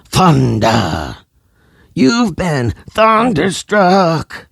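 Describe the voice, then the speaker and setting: A man voicing an over-excited wannabe rock star who shouts his lines theatrically and high. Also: a little slow, no room sound, clean studio sound, close to an everyday voice. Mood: shouting. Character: over-excited middle-aged man playing air-guitar rock star.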